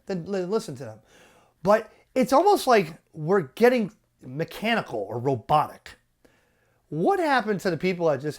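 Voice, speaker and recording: A man hosting a ham radio channel, ranting with exasperation and the odd curse. His pitch swings widely as he gets worked up. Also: moderate pace. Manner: animated, profane, exasperated. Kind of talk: ranting commentary.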